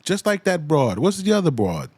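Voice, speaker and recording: A man's voice: a little high, sing-song, normal speed, darkish tone, slightly rough, dry recording, studio quality. A man giving a profane, ranting commentary, hammering at the same point with repeated pointed questions. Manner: profane, heated, repeats himself.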